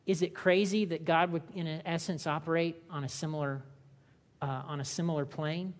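A woman's voice: sits low, fairly even intonation, normal speed. A woman pastor preaching a sermon in a conversational style, asking the congregation questions and acting out short voices. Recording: long hall reverb.

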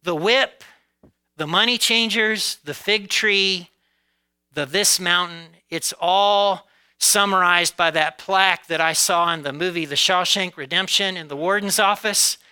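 An American pastor with a high, bright, forceful yet smooth voice preaches a sermon to his congregation, heard on a rough recording. He speaks conversationally, often checking in with "okay?" and "right?", laughs now and then, and shifts from drawn-out emphasis to quick asides.

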